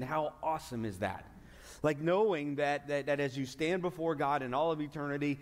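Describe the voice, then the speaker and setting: A man's voice: a little high, expressive, moderate pace. A man preaching a sermon as pastor, earnest, often restarting and stretching out key words for emphasis. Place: church sanctuary. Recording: long hall reverb.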